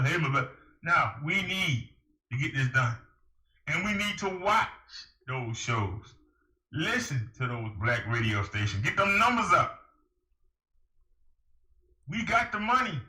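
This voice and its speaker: A man's voice: high-pitched, bright, forceful tone. A man delivering a preachy, emphatic monologue to camera, firing rhetorical questions at the listener. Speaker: vlogger giving advice. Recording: echoey room.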